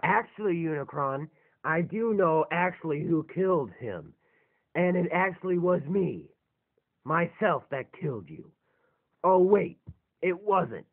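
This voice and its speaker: A man's voice: fairly high pitch, big pitch swings, a little slow, heavily acted. A man voicing a scheming, boastful male robot villain in a fan robot drama, speaking in a gloating, menacing way. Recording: tinny lo-fi phone-like recording.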